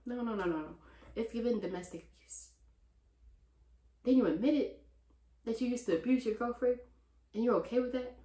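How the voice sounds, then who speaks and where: A young woman in her twenties chatting casually in a Q&A vlog, talking to her viewers as "y'all" and getting loud and animated when she vents. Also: on the high side, normal speed, long pauses. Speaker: vlogger answering viewer questions. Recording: roomy echo.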